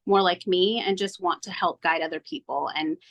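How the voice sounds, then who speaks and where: A woman being interviewed as a tarot reader, telling her story in an earnest, animated way and acting out her own past thoughts. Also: lowish voice, normal speed, dull audio. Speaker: tarot reader, podcast guest.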